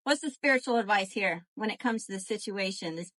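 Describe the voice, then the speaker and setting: A woman doing a live tarot reading, animated and profane, calling to her viewers as y'all. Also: medium pitch, a little fast. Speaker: tarot reader.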